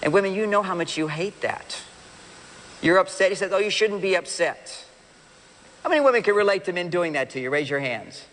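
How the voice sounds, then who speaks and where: A man with a notably high voice gives an animated seminar talk to a live audience. He throws questions at the crowd and slips into little acted-out quotes. His words ring with a long hall reverb. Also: fast talker. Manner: animated, acts out quoted partners and addresses the audience directly. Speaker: relationship speaker.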